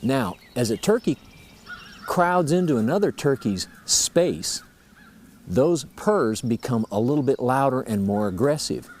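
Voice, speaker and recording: Folksy guy teaching turkey calls, lively up and down voice, breaks it all down simple. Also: mid-range voice. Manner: folksy, plain-spoken, explains step by step. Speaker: turkey-calling instructor. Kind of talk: instructional explanation.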